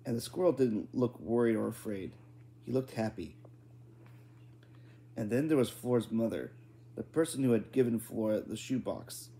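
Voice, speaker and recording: Mellow-voiced man reading a kids' book. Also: medium pitch, moderate pace, long pauses. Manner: unpolished, frequent restarts and self-corrections. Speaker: reader. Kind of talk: children's book read-aloud.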